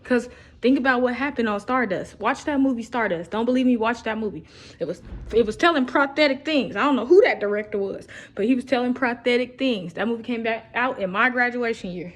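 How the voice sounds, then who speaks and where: A woman's voice: fairly high pitch, a little fast. Rambling, profane young woman vlogger. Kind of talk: casual recorded video monologue.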